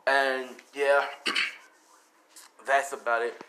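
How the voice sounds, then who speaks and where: A man's voice: medium pitch, little pitch movement, extremely slow, sharp tone. Rambling man telling a casual story. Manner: rambling, self-correcting, swearing. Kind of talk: casual improvised fan-story narration.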